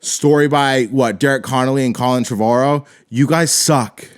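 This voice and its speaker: Man, podcast host, solo movie rant, profane, exasperated, rambling, mid-pitched voice. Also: fairly even intonation, moderate pace, smooth. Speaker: podcast host reviewing a film. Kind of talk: ranting solo review.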